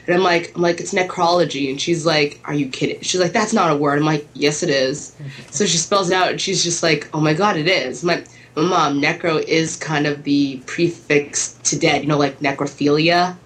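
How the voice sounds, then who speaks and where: A woman's voice: low-pitched, steady tone, normal speed, low-quality recording. Chatty woman telling a family story. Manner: swears freely, acts out family dialogue. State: sick. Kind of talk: casual storytelling chat.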